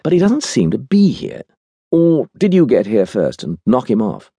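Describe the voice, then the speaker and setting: A man voicing a suave, bantering gentleman outlaw who speaks with cool, quizzical mockery in an audiobook. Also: mid-range voice, huge pitch swings, normal speed, creaky, slightly rough, dry recording, voice pushed up, exaggerated voice.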